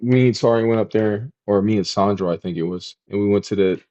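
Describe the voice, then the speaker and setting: A man co-hosting a podcast, telling stories from his youth in casual chat and jumping up in pitch when he acts out reactions. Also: quick pace, dull audio. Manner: animated storyteller, jumps high when mimicking reactions. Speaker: podcast co-host.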